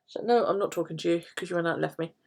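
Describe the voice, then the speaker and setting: A woman's voice: lowish voice, rapid-fire, a little mellow. A middle-aged woman chatting casually on a live stream, telling stories and swearing freely. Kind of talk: casual chat while journaling.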